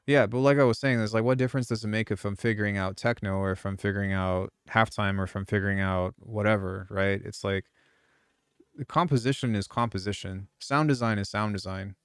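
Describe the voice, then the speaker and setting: A man's voice: fairly low pitch, fairly even intonation, a little fast, smooth, no echo, studio quality. A man who produces music, chatting casually on a live stream, rambling and swearing freely with lots of restarts. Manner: rambling, profane, frequent restarts.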